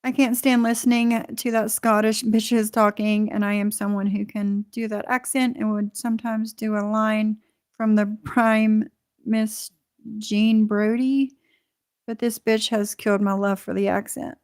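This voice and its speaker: A woman's voice: mid-range voice, flat delivery, a little slow, a little mellow, clear, resonant tone. A woman hosting a livestream, reacting bluntly to clips and reading out chat comments. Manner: blunt, indignant, reads chat comments aloud. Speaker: livestream host.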